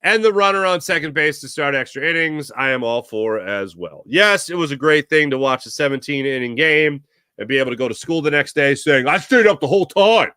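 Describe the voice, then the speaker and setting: A male sports talk host talks in a loose, rambling way and jokes as he reads out viewer comments. His voice is bright and forceful. The sound is dry and close, with no room around it. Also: medium pitch, a little fast, smooth, no echo. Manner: animated, rambling, jokey. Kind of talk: casual sports talk, reading chat comments.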